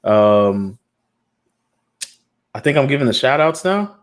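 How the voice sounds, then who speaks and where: A man co-hosting a podcast, chatting casually and joking through shout-outs to listeners. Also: medium pitch, big pitch swings, slow. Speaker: podcast co-host. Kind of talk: casual live podcast banter.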